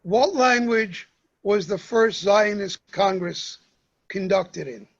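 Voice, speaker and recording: A man lecturing to a congregation, speaking slowly and pausing often, with "um"s between his points. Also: high-pitched, gravelly, muffled recording. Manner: slow, measured delivery with pauses and fillers. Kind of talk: talk to a congregation.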